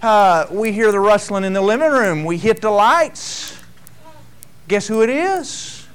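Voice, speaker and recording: A male preacher with a high voice gives a conversational sermon. He reads scripture slowly, then eases into folksy stories full of asides. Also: expressive, smooth.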